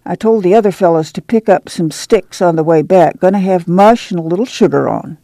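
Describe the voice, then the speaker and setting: A woman voicing a weary, steady migrant mother who talks in a soft rural dialect. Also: fairly low pitch, fairly quick, dry recording, studio quality, natural voice. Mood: soothing, weary. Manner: soothing, firm, rural dialect. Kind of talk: dramatic book reading.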